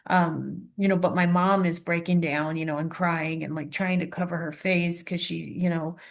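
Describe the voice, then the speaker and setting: A woman hosts a casual interview in a fairly low voice. She speaks earnestly and with open gratitude. She often adds soft murmured affirmations while the other person talks. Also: fairly even intonation, normal speed, gravelly. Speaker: interview host. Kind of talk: casual conversation.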